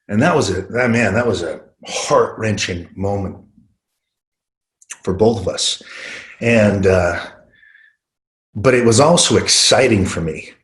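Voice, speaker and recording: A man in his forties presenting a motivational sales webinar, earnest and story-driven, with frequent ums and uhs. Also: lowish voice.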